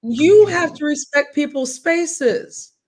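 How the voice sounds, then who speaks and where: A woman co-hosting a casual chat show, talking in a blunt, profane, animated way. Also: sits high, slow pace. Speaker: podcast co-host.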